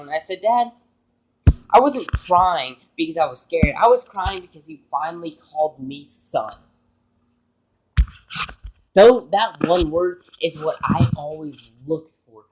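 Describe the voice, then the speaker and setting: A man's voice: fairly high pitch, expressive, takes it slowly, long pauses, poor audio. A man vlogging, telling an emotional personal story in an earnest, rambling way.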